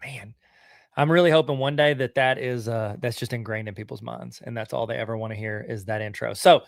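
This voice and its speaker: A man's voice: medium pitch, fairly even intonation, fast, gravelly, dry recording, clean studio sound. A middle-aged man with a Southern US accent hosting a podcast on a live stream, talking in a casual, slangy way with lots of fillers and restarts. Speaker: podcast host.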